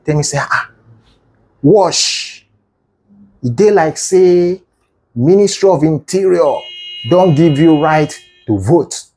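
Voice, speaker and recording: A man's voice: fairly high pitch, lively intonation, unhurried, dark tone, soft background music. Playful Nigerian man, mock lecturing. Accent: Nigerian Pidgin English. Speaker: comedic video creator. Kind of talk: comedic storytelling monologue.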